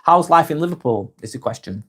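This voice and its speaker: A man's voice: a little high, lively intonation, fairly quick, fairly bright tone, slightly rough. A man in his forties with a Lancashire accent, hosting a casual live vlog and reading viewer comments aloud, chatty and friendly, often restarting and correcting himself. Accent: Lancashire English. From England. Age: 40s.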